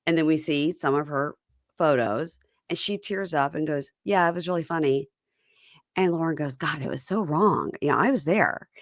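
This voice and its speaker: A woman hosting a casual recap chat, retelling scenes and quoting people in lively voices. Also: deep voice, moderate pace, no echo, clean studio sound. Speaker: podcast host.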